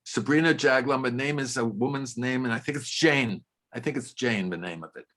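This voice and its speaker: An older man from New York talks over a video call, at a middling pitch. He is chatty and informal, and he breaks off his sentences and restarts them while answering questions about his work. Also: fairly quick, a bit bright. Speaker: film director and playwright guest. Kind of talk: casual Q&A answers.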